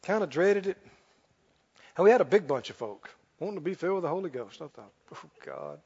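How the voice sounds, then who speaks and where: A man preaching a sermon, telling a story with laughs and loud bursts of prayer. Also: high-pitched, animated, quick pace, breathy edge. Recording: dull lo-fi sound with long hall reverb.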